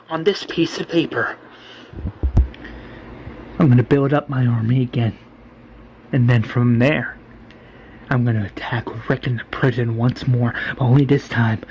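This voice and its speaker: A man's voice: mid-range voice, slight background noise, lightly acted, rough recording. A man voicing a ruthless, vengeful leader who lays out his plans in a firm, determined way.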